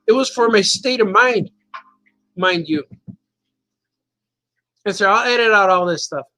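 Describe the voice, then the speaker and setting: A man's voice: high-pitched, animated, measured pace, pushed and bright, poor audio. A man hosting a live show, chatting casually and rambling from joke to joke, laughing often as he reads viewer comments. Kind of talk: casual live-stream chat.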